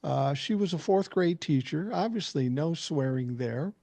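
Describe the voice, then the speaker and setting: A man hosts a casual podcast chat, trading stories in a blunt way and swearing freely. His voice sits a bit high with a gravelly, fry-laden edge. The sound is close and dry. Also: animated, a little slow, dark tone, no echo. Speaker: podcast host.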